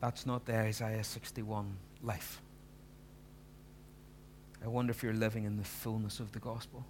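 A man delivers a sermon in a somewhat low voice, earnest and pleading. He presses his listeners with rising, emphatic questions. A faint hum sits under the recording. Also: level tone, a little slow, darkish tone. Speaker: preacher.

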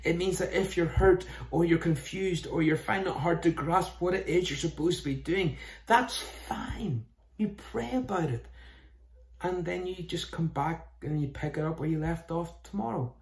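A man's voice: on the high side, steady tone, moderate pace, few pauses, darkish tone. A man, preaching a sermon in an earnest, conversational way, often posing questions to his listeners. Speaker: pastor. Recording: roomy echo.

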